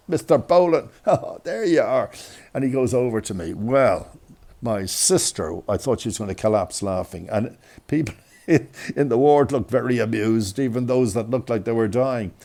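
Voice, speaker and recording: A man telling a comic tale with self-mocking energy. His voice is warm and gravelly, and his pitch swings widely. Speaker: storyteller. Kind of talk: comic storytelling.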